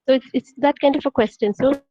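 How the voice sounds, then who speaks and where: A woman teaching a poem, reading lines slowly and then explaining them with rhetorical questions. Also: high-pitched, fairly even intonation, mellow, highs cut off. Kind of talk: poetry lesson, explaining line by line.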